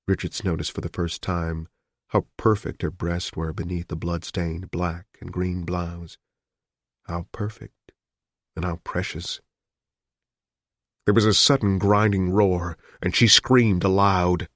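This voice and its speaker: A man narrating a thriller audiobook in a measured storytelling manner. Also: sits low, fairly even intonation, dry recording, clean studio sound. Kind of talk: scripted narration.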